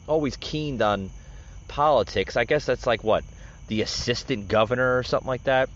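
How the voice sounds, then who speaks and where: A man's voice: mid-range voice, fairly bright tone. A man hosting a political podcast, rambling through casual commentary with many filler words and restarts. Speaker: podcast host. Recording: dull lo-fi recording.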